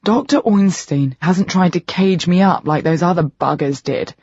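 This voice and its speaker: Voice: medium pitch, moderate pace, darkish tone, slightly rough, dry recording. A narrator doing a sneering, defiant teenage boy. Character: surly, provocative teenage boy. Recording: dull lo-fi recording.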